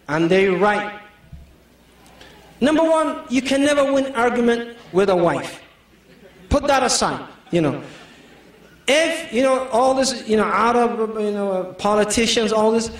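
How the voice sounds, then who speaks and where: Male preacher, high voice, humorous anecdotal delivery; echoey room, distant mic. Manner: joking, anecdotal, laughs often. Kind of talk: humorous sermon.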